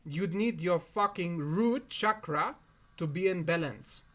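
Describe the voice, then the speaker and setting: A man's voice: sits high, slow pace, a bit bright. A man who is not a native English speaker, giving an emphatic, profane self-help monologue straight to the viewer. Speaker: self-help video host. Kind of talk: direct-to-camera monologue.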